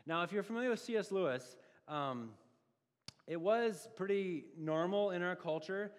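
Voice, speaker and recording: A pastor delivers a sermon in a conversational, animated style packed with rhetorical questions. His voice is fairly high, and the sound carries the feel of a big room.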